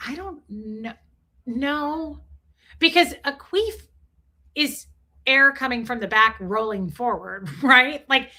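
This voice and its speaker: This is a woman in her forties running a live stream, her high voice moving at a slow pace. She jokes around crudely and energetically while reading out what her chat says.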